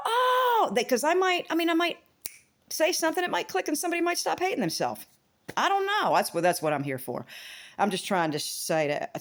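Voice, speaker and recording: Rambling, laughing woman vlogger. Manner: rambling, swearing, laughing, big pitch swings. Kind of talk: casual rambling monologue.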